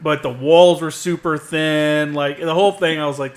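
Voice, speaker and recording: Man, higher voice, relaxed podcast host, chatty and casual. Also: moderate pace. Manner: laid-back, chimes in, swears casually. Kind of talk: casual chat.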